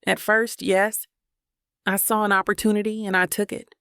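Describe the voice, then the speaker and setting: A troubled wealthy man confesses in a low, measured voice, read by a woman narrator. A gravelly fry runs under the words. The sound is dry and close. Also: flat delivery, fairly bright tone, dry recording, lightly acted. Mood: earnest.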